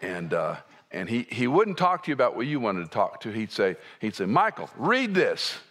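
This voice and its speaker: A man preaching a sermon in a conversational way, dropping to soft asides and rising to emphatic points. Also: fairly low pitch, sing-song, a little fast. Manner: conversational, wide swings between soft and emphatic.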